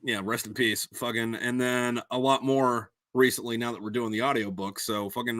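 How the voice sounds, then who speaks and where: A man's voice: mid-range voice, steady tone, normal speed, a bit bright, dry recording. A man hosting a casual podcast chat, rambling loosely, swearing often and stumbling over restarts. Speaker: podcast host and author.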